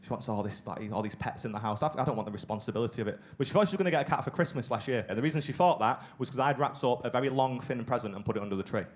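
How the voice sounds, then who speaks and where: A man's voice: medium pitch, expressive, racing, hardly any pauses. A young man doing a stand-up comedy set in a theatre, acting out both sides of conversations. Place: theatre stage with live audience. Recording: live theatre recording with audible background noise.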